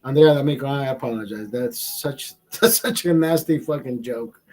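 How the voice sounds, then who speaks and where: A man speaks in a mellow, mid-range voice at normal speed. Hosting a casual livestream from home in California, he rambles, curses constantly, and chats with viewers.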